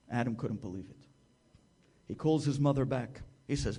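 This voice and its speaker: A man's voice: mid-range voice, normal speed, long pauses, dark tone, breathy edge. A man, a rabbi, telling a story with dramatic, varied delivery.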